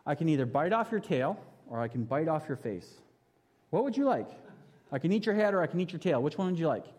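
A man voicing a big, fat, mean male lion who speaks in a low, menacing way, heard in a reverberant hall. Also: very animated, fast talker, darkish tone.

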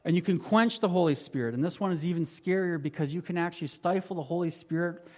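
Conversational preacher, slightly high voice. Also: male voice, quick pace. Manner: conversational preaching with rhetorical questions; swings from emphatic to quiet and low. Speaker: pastor. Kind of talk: sermon.

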